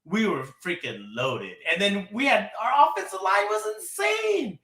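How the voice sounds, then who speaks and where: Bright, high-voiced caller in an echoey room. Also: male voice, moderate pace. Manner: rambling, animated, laughs while talking. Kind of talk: casual sports talk.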